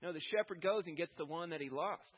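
A man preaching a conversational sermon, rising in pitch and force as he makes his points. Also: fast talker, slightly rough, dull audio. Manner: conversational preaching, rising with emphasis when voicing God. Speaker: pastor.

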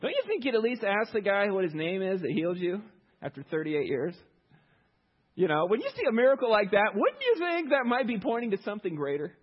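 A man's voice: high-pitched, big pitch swings, a little fast. A man preaching a sermon in a conversational way, full of sarcastic asides and fillers, in a church hall. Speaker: pastor. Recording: echoey hall, dull lo-fi sound.

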